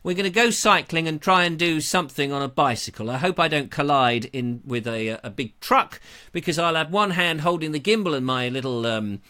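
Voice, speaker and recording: Lively, bright man chatting. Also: a little high, a little fast. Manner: jokey, rambling, self-deprecating. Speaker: host of a live online show. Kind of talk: casual rambling live-stream chat. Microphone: lapel mic.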